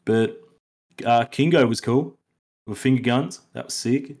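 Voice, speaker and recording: A man's voice: mid-range voice, unhurried, darkish tone. A man, co-hosting a podcast in casual film review chat, rambling with lots of fillers and restarts. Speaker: podcast co-host.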